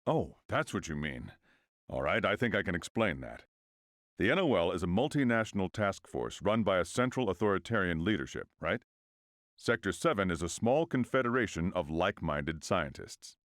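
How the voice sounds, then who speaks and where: A huge, stoic male cyborg soldier speaks in a very deep voice, acted by a woman reading a game aloud. His pitch swings widely as he explains things formally and patiently. The sound is close and dry. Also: big pitch swings, normal speed, dry recording.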